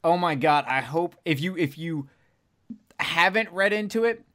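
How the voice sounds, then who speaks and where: Excitable, swearing podcast host. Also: male voice, fairly high pitch, unhurried. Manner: enthusiastic, swears freely. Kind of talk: casual podcast chat.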